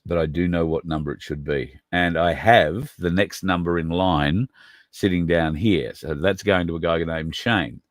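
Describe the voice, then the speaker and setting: Low-voiced man rambling on a livestream. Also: normal speed, no room sound, clean studio sound. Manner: rambling, conversational, addresses viewers by name. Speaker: podcast host. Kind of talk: casual livestream talk.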